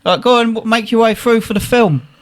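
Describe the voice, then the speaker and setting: A young man, animated and swearing as he tells a funny story in casual chat. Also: extremely high pitch, fairly quick. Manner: animated, swearing, laughing at his own story. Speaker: guest telling a story.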